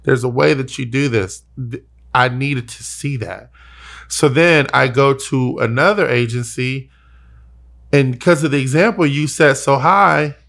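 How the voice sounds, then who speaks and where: Earnest young male podcast host, heartfelt, self-interrupting, mid-pitched. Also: vocal fry, fairly bright tone. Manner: earnest, repeats himself when moved. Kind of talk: emotional personal conversation.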